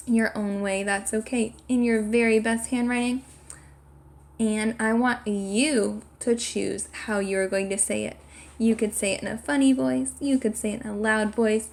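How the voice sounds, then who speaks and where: A woman teaching a sight-word lesson to young children, encouraging them and spelling each word out letter by letter. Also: on the high side. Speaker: kindergarten teacher. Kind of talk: slow, clear classroom instruction.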